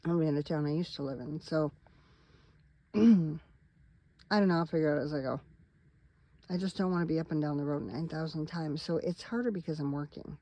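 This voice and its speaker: A woman's voice: low-pitched, steady tone, brisk, long pauses, dark tone, rough recording. A tired middle-aged woman vlogging from inside her parked van at night, chatting in a rambling, wandering way straight to her viewers. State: tired, yawning. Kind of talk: casual rambling vlog chat.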